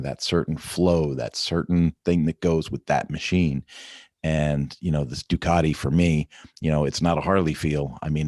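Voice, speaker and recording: A man's voice: a bass voice, darkish tone, no room sound, studio quality. A middle-aged man hosting a casual morning check-in vlog, talking in an upbeat, rambling way with lots of "right?" and "you know.". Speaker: vlog host.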